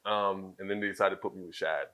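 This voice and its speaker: A man's voice: deep voice, fast. A man in his thirties, an interview guest telling casual stories and acting out quoted dialogue. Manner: animated storyteller who acts out quoted dialogue. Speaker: interview guest, former wrestler. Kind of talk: casual shoot interview storytelling.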